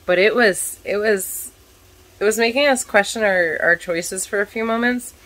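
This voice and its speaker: A woman with a scratchy, hoarse voice chatting casually in a vlog, telling a story in an animated way while cooking at home. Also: lowish voice. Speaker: vlogger, stay-at-home mom.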